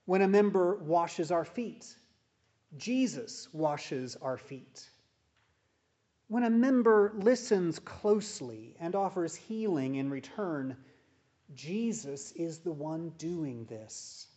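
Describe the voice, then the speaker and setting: A man preaching a sermon as a pastor, in a measured, deliberate way with emphatic pauses. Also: fairly high pitch, lively intonation, warm tone. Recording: dull, muffled sound.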